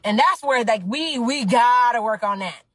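A woman's voice: a little high, expressive, normal speed, a bit bright, no room sound, low-quality recording. A young adult woman, a business coach, giving an emphatic, preachy motivational talk full of slang. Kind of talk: motivational talk to her audience.

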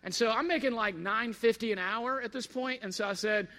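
A man telling a personal story in a casual, animated way and acting out the dialogue. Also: sits high, a little fast. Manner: animated, acts out quoted dialogue.

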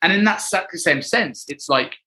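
A man's voice: high voice, expressive, a little fast, sharp tone, poor audio. A man hosting a podcast, chatty and rambling, with lots of "like" and "you know". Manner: chatty, rambling, many fillers. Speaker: podcast host. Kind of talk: casual podcast chat.

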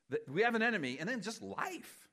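A man preaching a conversational, animated sermon as pastor, sometimes poking fun at himself. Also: sits high, normal speed. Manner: conversational, animated, self-deprecating.

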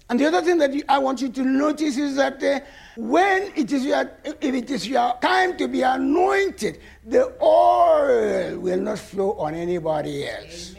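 Preacher, man, sixties, gravelly high voice, emphatic shouting bursts. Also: expressive, measured pace. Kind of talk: sermon.

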